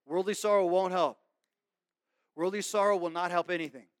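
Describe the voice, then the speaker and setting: A man with a high voice delivers an earnest, conversational sermon, often pausing to check in with his listeners. He moves between forceful, raised lines and soft, hushed asides. The recording is dry and close, with no room sound. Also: steady tone, dry recording. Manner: earnest, conversational preaching with frequent "okay?" check-ins. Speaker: pastor.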